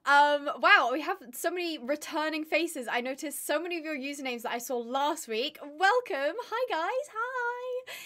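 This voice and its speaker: Tired, chatty woman, high voice. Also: normal speed, sharp tone. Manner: chatty, rambling, laughs often. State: tired, voice going. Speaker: streamer. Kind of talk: casual live-stream chat.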